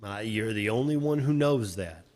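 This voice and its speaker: A man's voice: lowish voice, animated, moderate pace, darkish tone. A man, a composer giving casual feedback on listener submissions, rambling and swearing, laughing often and restarting his sentences. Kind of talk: casual livestream critique.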